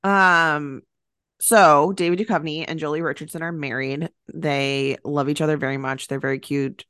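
A woman's voice: low voice, fairly even intonation, moderate pace, fairly bright tone, smooth, dry recording, studio quality. A woman co-hosting a casual podcast, recapping a movie in a chatty way with lots of fillers. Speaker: podcast co-host.

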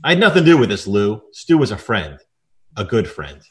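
A man's voice: fairly low pitch, very animated, a little fast. A man doing a tough female private eye, wisecracking, sardonic 1930s noir. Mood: pleading. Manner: sardonic hard-boiled quips.

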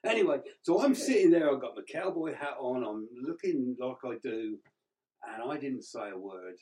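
A man's voice: medium pitch, expressive, normal speed, darkish tone, rough recording. A man with an English accent, co-hosting a radio show in casual chat, talking freely and laughing often. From England.

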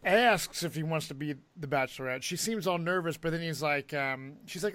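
Male podcast host, rambling casual recap, slightly high voice, dry sound. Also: a little fast, few pauses, a bit bright, no echo. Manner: rambling, many fillers.

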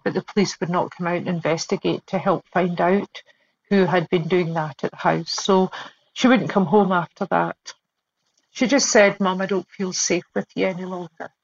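A woman giving an earnest, measured account of a frightening personal experience in an interview. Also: on the low side. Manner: earnest, measured, emotional storytelling. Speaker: interviewee recounting being stalked. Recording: dull lo-fi sound.

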